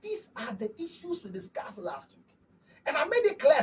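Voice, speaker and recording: A Ghanaian man counsels his listeners with emphatic, preachy conviction and keeps firing rhetorical questions at them. His voice sits unusually high and swoops a lot as he lectures. He sounds a bit distant from the microphone. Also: sing-song, normal speed. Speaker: counselor and host. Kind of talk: preaching-style advice talk, mixing English and Twi.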